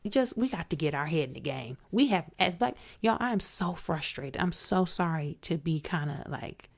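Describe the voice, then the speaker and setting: A woman's voice: fairly low pitch, expressive, moderate pace. A woman hosting a solo commentary podcast, outspoken and emphatic, talking straight to her listeners. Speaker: podcast host.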